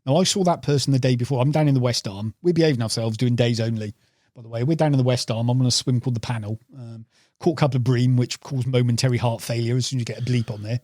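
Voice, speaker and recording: In a relaxed interview, a carp-angling podcast guest spins meandering fishing tales and addresses the host as "mate". His medium-pitched voice is steady and darkish, his pace quick, and the studio-quality recording has no echo.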